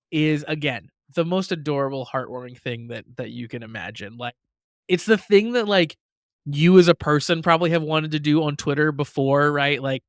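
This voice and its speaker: Gushing higher-voiced man, casual podcast chat. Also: no room sound, studio quality. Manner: gushing, enthusiastic, many "like" fillers. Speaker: podcast co-host.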